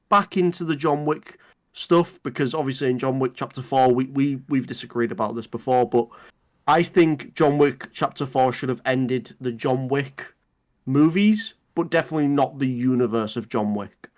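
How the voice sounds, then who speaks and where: A man's voice: medium pitch, moderate pace. Hesitant man, casual movie chat. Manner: hesitant, many ums and restarts, agreeable. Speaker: movie news podcast co-host.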